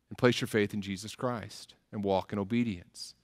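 A man's voice: fairly low pitch, steady tone, brisk. Earnest man preaching a sermon. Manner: earnest, repeats words at starts of phrases. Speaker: pastor.

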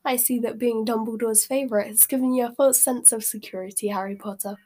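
A woman voicing a cold, haughty aristocratic mother who speaks in quiet menace. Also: on the high side, steady tone, a little fast, close to an everyday voice. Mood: menacing.

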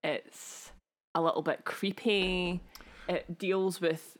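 A woman's voice: on the low side, steady tone, takes it slowly. A woman co-hosting a podcast in casual chat, gushing and laughing often. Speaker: podcast co-host.

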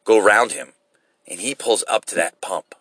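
A man telling a rambling, profane story in a casual, animated way, seated inside a vehicle. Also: on the low side, moderate pace, slightly rough, no echo.

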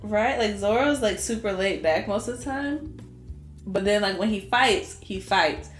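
A woman co-hosts a casual podcast and tells stories in a lively, chatty way. Her voice has a middling pitch and carries a roomy echo. Faint music plays behind her. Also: unhurried. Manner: animated, chatty storyteller. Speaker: podcast co-host. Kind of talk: casual chat.

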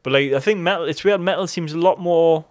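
A man co-hosting a podcast in casual chat, animated, swearing freely and acting out excited reactions. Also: fairly high pitch, quick pace, clean tone. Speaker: podcast co-host.

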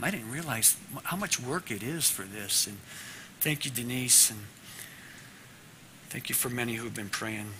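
A man teaching a class devotional in an earnest way, moving from loud teaching to a hushed prayer. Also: mid-range voice, a little hiss or hum.

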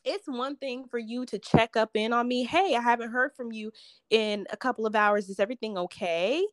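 A woman's voice: fairly high pitch, normal speed, dry recording. Brief: woman co-host, decisive and frank, close dry recording. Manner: blunt, decisive advice. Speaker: podcast co-host. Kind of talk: casual chat.

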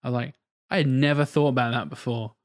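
A man's voice: medium pitch, fairly even intonation, fast. A man hosting a podcast in casual chat, talking enthusiastically and rambling, often mimicking voices. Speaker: podcast host.

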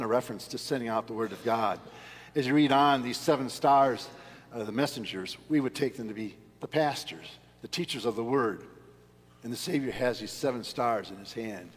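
A male pastor delivers an earnest sermon in a husky voice, leaning hard on his key words. His voice rings out with a long reverb through a church sanctuary. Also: mid-range voice. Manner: earnest, emphatic preaching with rising stresses.

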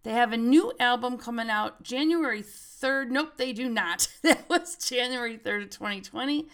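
A woman's voice: fairly high pitch, normal speed, a bit bright. A middle-aged woman hosting a podcast, telling stories in a chatty way and laughing often. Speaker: podcast host. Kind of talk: casual chat.

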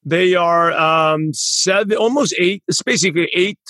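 A man's voice: sits high, measured pace, bright, forceful tone, no room sound. A man hosting a podcast in casual interview chat, rambling and correcting himself as he talks. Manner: rambling, self-correcting, proud father. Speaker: podcast host.

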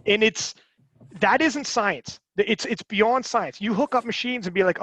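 A man talking casually on a podcast, animated and rambling, with frequent restarts and swearing. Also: high-pitched, measured pace, no echo.

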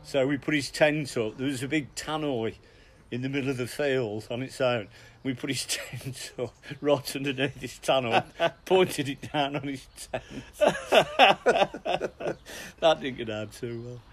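A middle-aged man, co-hosting a podcast and telling lively, chuckling anecdotes with plenty of restarts. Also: medium pitch, unhurried, a little hiss or hum. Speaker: podcast co-host. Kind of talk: casual storytelling.

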